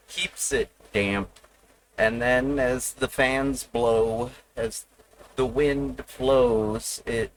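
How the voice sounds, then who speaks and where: A man's voice: medium pitch, gravelly, slight background noise, poor audio. A man streaming live, rambling and profane as he teases his viewers. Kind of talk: casual live stream chat.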